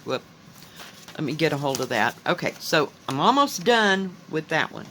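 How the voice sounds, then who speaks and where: A woman chatting casually at home as she shows her cross-stitch projects, rambling and unhurried. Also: low voice, sing-song, a bit bright, slight background noise, low-quality recording. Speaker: cross-stitch video host. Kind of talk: casual crafting chat.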